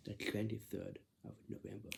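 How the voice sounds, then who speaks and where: A man's voice: fairly low pitch, level tone, fairly quick, creaky, darkish tone, slight background noise. A man talking casually in a repetitive, lecturing way, often ending lines with "right?" and sometimes dropping into a whisper. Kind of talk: casual monologue.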